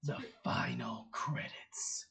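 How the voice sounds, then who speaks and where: A game master voicing a cursed thirty-three-year-old man trapped in a little boy's body, theatrical and grandiose, swinging between whispers and booming lines. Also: fairly even intonation, slow pace, creaky, fairly bright tone, faint music behind, full character voice. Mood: melodramatic.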